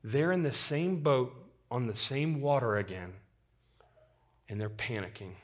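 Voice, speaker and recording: A male pastor preaching a sermon with passion, swinging from loud declarations to hushed, quiet lines. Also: mid-range voice, lively intonation, a little slow.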